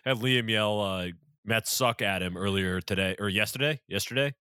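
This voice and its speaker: A man's voice: on the low side, fairly quick, pushed and bright, clear, resonant tone, no room sound. A man guesting on a podcast in casual chat, hesitating with lots of fillers and laughing at his own stories.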